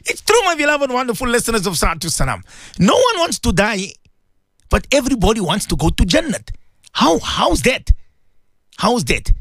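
A man leads a call-in radio show as a cleric. His fairly high voice rises and falls a great deal, and he often circles back to the same phrase. The sound is close and dry, from a studio microphone. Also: gravelly, no room sound. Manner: heartfelt, repetitive, reads out listener messages. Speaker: radio host and Muslim cleric. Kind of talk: emotional call-in radio talk.

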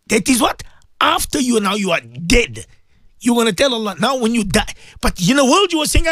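A man hosting an Islamic radio show as a maulana, preaching with passion and repeating himself for emphasis. He has a sore throat and keeps clearing it. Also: very high voice, sing-song, fairly quick, fairly bright tone, dry recording, clean studio sound. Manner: impassioned, repetitive, rising to emphatic peaks.

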